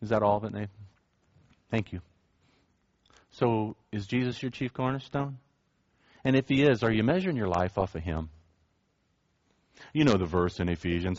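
A man's voice: lowish voice, expressive, normal speed, long pauses, no room sound. A man preaching a sermon as pastor, reading scripture and earnestly asking the congregation direct questions, on a dull, dry, lo-fi recording.

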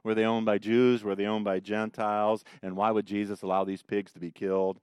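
A man's voice: on the low side, fairly quick, clear, resonant tone, dry recording, studio quality. A man teaching a Bible study in a folksy, joking way, telling stories between verses. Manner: folksy storytelling with lively jokes. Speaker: pastor leading a Bible study.

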